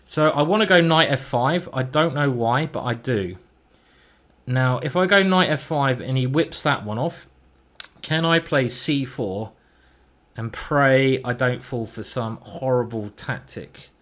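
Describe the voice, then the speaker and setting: A man's voice: mid-range voice, a little slow, a bit bright. A man streaming a chess game, chatting and thinking aloud as he plays, with mild swearing. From England. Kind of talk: live game commentary.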